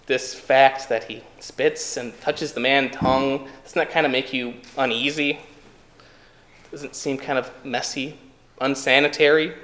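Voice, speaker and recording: A man's voice: medium pitch, reverberant. A man preaching a sermon in a conversational way, asking the listeners rhetorical questions.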